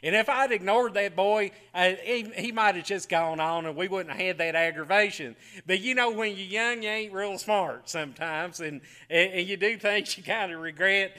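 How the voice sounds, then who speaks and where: A middle-aged man preaching a folksy sermon, telling homey stories with frequent chuckles and quiet asides. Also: sits high, moderate pace, hardly any pauses, smooth.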